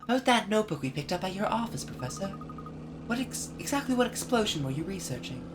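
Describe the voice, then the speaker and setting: A woman's voice: mid-range voice, fast, noisy background, voice pushed up, close to an everyday voice. A woman reading an eager young boy apprentice. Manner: reading the lines aloud, lively. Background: game music.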